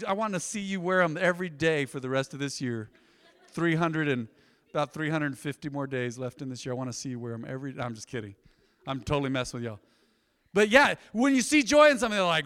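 Folksy pastor preaching in a reverberant hall. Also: male voice, on the high side, lively intonation, fast. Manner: folksy storytelling with sudden loud bursts and soft asides. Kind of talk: sermon. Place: church sanctuary.

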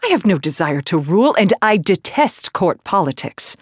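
A woman's voice: lowish voice, very animated, normal speed, husky, dry recording, clean studio sound. An actress playing a blunt, battle-weary woman general in an audiobook drama, plainspoken and direct. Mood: dismissive.

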